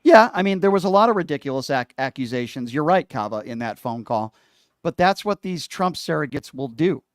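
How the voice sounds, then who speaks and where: Call-in radio host, male, forceful opinions, slightly high pitch, close and dry. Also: expressive, fairly quick, dry recording. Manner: emphatic, opinionated, talks over callers. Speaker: radio talk show host.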